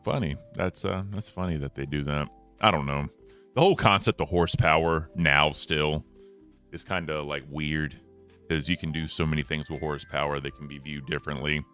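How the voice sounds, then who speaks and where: Very deep-voiced man, bright and rambling. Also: moderate pace, clean tone, soft background music. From United States. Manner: laid-back, rambling, trails off quietly. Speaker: co-host. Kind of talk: casual podcast chat.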